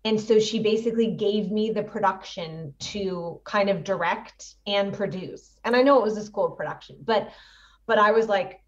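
A woman's voice: mid-range voice, moderate pace, recorded from a distance, lo-fi sound. A woman in her thirties, an actress and producer, chatting animatedly as an interview guest and laughing often. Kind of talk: casual interview chat.

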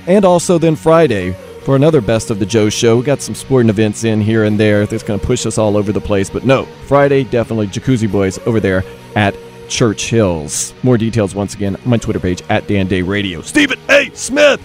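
A man's voice: mid-range voice, dark tone. A man hosting on the radio, reading show announcements with casual, chatty asides. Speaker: radio host.

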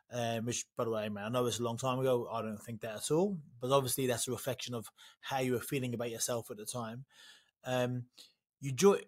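A man hosting an interview podcast, emotional and sympathetic, often repeating words as he talks. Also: medium pitch. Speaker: podcast host.

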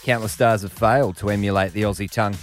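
A man's voice: lowish voice, steady tone, fast. A man hosting a radio show in a casual, joking way, with faint music behind him. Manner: jokey, chatty, puts on voices. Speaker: radio host.

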